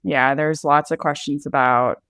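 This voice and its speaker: A woman's voice: low-pitched, steady tone, a little slow, a bit bright, smooth, no echo, studio quality. A woman co-hosting a podcast in casual chat, candid and playful, often laughing. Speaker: podcast co-host.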